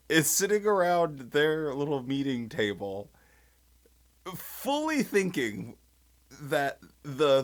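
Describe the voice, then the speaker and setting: A young man talks casually to camera, commenting with open sarcasm. His pitch swings widely as he mocks and laughs, often restarting his sentences. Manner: sarcastic, animated, laughing mockery. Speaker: video commentator.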